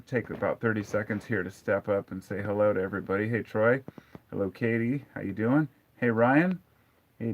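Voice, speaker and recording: A man's voice: fairly low pitch, a little mellow. A man in his forties hosting a casual live stream, candid and blunt as he answers viewer comments. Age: 40s. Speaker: livestream host. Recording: dull lo-fi sound.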